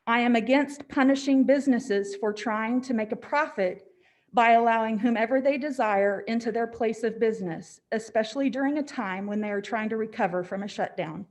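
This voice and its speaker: A woman's voice: a little high, moderate pace, darkish tone. Woman speaking firmly at a podium. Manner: firm, repeated "I am against" statements. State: short of breath. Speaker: public commenter. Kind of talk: prepared statement at a council meeting. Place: city council chamber.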